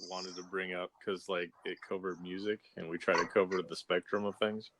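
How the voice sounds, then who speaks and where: A man co-hosting a casual podcast, relaxed and rambling, laughing often. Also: low voice, a little fast, very noisy. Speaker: podcast co-host. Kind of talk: casual chat.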